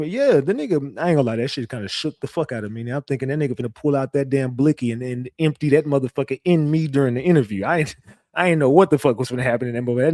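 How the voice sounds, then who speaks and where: A man's voice: medium pitch, animated, racing, warm tone, no room sound, studio quality. A man hosting a livestream, talking in a brash, profane, boastful way while reading and answering comments. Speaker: online show host.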